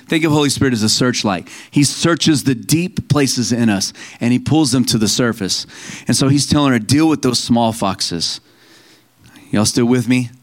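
A man preaching a sermon in a conversational, storytelling way, quoting scripture and family members and laughing at himself now and then. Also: mid-range voice.

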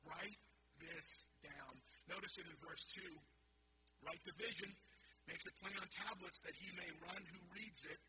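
A man's voice: high voice, background noise. A man preaching a sermon as pastor, with emphatic, rising and falling intensity.

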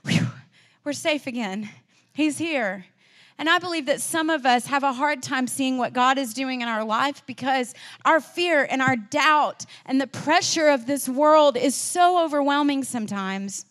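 A woman with a somewhat high voice preaches a sermon and retells stories in a loose, conversational way. She swings from loud, emphatic declarations to quiet, offhand asides. Her voice rings with the long reverb of a large hall. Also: measured pace. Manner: casual, chatty storytelling with frequent "like" and "um".

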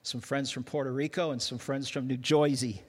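A man's voice: medium pitch, fairly even intonation, moderate pace, husky. Joking older male preacher in a hall. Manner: self-deprecating, joking, with frequent restarts. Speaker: guest pastor. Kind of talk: humorous sermon. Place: large church hall. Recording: long hall reverb.

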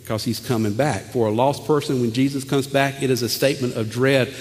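A man, preaching a sermon in an animated way, stammering over repeated words and swinging from loud to hushed. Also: mid-range voice, brisk, in a large hall. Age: 40s. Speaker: pastor.

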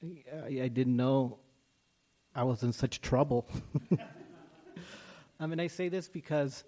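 A man's voice: medium pitch, slow, mellow. A man, a school principal, speaking to a congregation in a chatty, self-deprecating way with many fillers. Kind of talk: casual talk to a congregation.

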